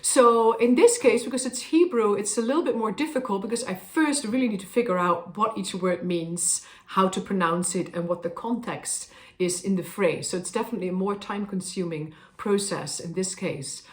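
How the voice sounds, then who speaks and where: A woman's voice: medium pitch, normal speed, hardly any pauses. Thoughtful woman singer in a roomy space. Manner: thoughtful, explanatory, with frequent fillers. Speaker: opera singer. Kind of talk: explaining her craft to camera. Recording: roomy echo.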